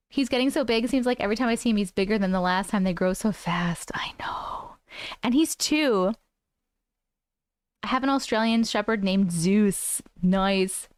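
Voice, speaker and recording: A woman's voice: medium pitch, clear, resonant tone, no echo. A woman in her thirties hosting a casual live stream, chatting with viewers and laughing often.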